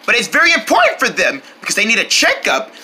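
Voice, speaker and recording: A young adult woman playing the mother in a family skit, explaining things in a quick, soothing, motherly way. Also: on the high side, huge pitch swings, pushed and bright, a little hiss or hum. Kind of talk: family role-play skit.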